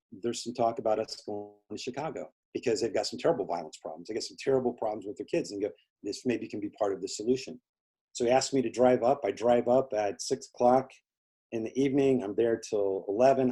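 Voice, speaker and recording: A man's voice: fairly low pitch, dark tone, husky. A man being interviewed, telling a long story in casual conversation, rambling with many fillers and acting out the people he quotes. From Indiana. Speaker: interview guest.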